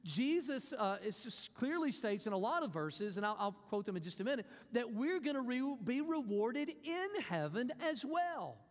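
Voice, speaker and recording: A man's voice: very high voice, sing-song, moderate pace, hardly any pauses, in a large hall. A man preaching a sermon as pastor, emphatic, repeating his points and acting out quotes.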